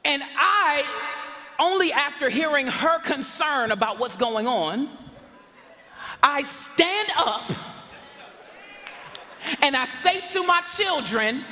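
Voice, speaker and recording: A man preaching a lively sermon as pastor, shouting for emphasis and laughing along with his congregation. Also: very high voice, slow, long pauses, in a large hall. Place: church sanctuary. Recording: church sanctuary with congregation noise.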